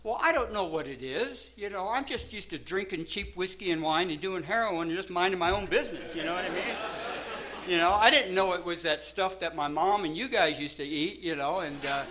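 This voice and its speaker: A man's voice: high voice, a little fast, background noise. A man telling a rambling first-person story, peppering it with "you know" and "man" and laughing at himself.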